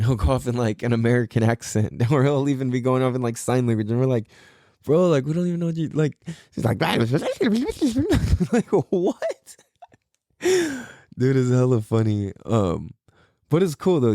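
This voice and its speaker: A man's voice: on the low side, dark tone, no echo, studio quality. A tired young man hosting a casual solo podcast, talking in a laid-back, slangy way with a lot of swearing. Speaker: podcast host.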